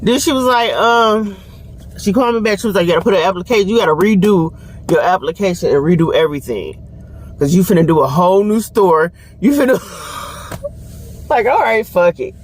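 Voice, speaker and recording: A young woman talks into her phone camera in a loose, storytelling vlog. Her pitch swings widely as she laughs and acts out other people's lines, swearing freely. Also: expressive, moderate pace, husky. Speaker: vlogger. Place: home and car.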